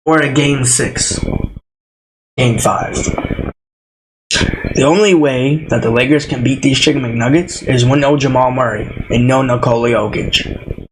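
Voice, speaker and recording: A man's voice: medium pitch, measured pace, pauses often, background noise. A young man ranting casually about basketball, teasing and laughing often, with frequent repeated words. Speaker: sports vlogger.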